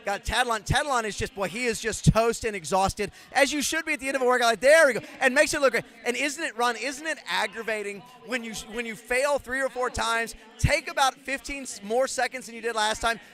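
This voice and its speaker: A man with a strikingly high, bright voice calls a live fitness competition. He talks in a chatty, rambling way, often restarting his sentences. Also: fairly quick, few pauses. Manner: rambling storyteller, many restarts. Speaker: event commentator. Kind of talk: live sports commentary.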